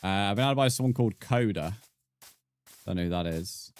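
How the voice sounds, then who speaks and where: A British man with a low voice chats easily with his viewers while he plays a game live. He banters and thanks new followers between tasks. Soft music plays faintly behind him. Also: fairly quick. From Britain. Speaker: streamer. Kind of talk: casual live-stream chat while gaming.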